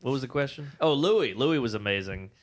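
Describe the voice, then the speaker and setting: Man, comedian guest, casual interview, animated storytelling, swears, acts out quotes. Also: mid-range voice, brisk.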